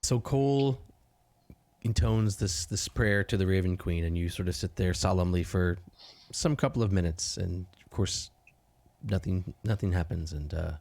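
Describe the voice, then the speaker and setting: A man's voice: low voice, moderate pace, vocal fry, a little mellow. A man narrating as game master of a tabletop game, rambling with many fillers and restarts.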